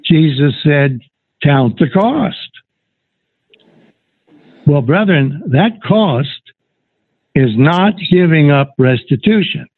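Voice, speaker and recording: A man preaching a sermon to his brethren, reading scripture in a slow, deliberate way. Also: a little high, lively intonation, slightly rough, dry recording. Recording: tinny phone-like recording.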